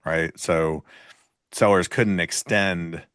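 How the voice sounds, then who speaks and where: A man co-hosting a live trading show, chatting casually and explaining market ideas in a relaxed way. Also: low voice, slow pace, dry recording, clean studio sound.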